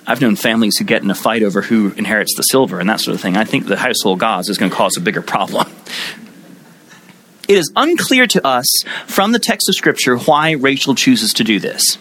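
A man's voice: medium pitch, a bit bright, poor audio. A male preacher teaching a Bible passage as a sermon, telling the story conversationally with humorous asides.

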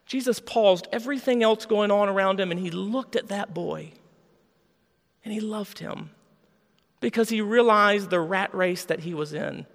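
A man's voice: high-pitched, normal speed, gravelly, a bit bright, big-room sound. A man preaching a sermon with passion, voicing the people in his story. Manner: impassioned, acts out quoted voices. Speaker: pastor.

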